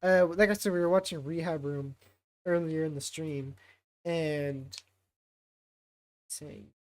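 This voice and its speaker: A man casually talking on a livestream, rambling and thinking out loud with lots of fillers and restarts. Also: on the high side, fairly even intonation, takes it slowly. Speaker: streamer.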